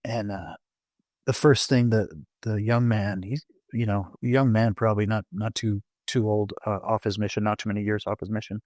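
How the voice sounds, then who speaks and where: A man speaking as a podcast guest, sharing a personal testimony in an animated storytelling way, acting out his own inner thoughts and often restarting his sentences. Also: fairly low pitch, normal speed, no room sound.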